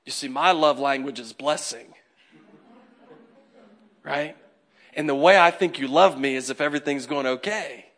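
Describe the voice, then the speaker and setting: A man preaching with a high, bright, forceful voice. He swings from quiet, confiding asides to loud, excited peaks. He acts out quoted voices with comic exaggeration. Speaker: pastor. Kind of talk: sermon.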